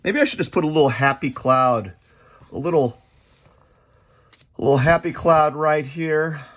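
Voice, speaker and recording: A man chatting unscripted while he sketches, rambling and halting, often repeating himself as his thoughts drift. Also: on the high side, a bit bright. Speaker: artist vlogger.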